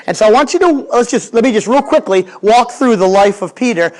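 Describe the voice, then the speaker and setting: A man's voice: sits high, brisk, darkish tone. A man preaching a sermon, telling a Bible story in a chatty way, with jokes and acted-out quotes, and talking straight to his congregation. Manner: conversational, addresses the congregation directly. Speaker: pastor.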